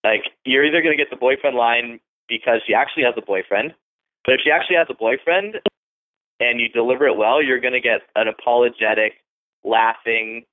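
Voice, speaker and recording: A man hosting a dating-advice podcast, talking bluntly and casually with plenty of swearing, acting out pickup lines as he goes. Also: medium pitch. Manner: profane, blunt, acts out lines in quick asides. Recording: phone-like narrow band.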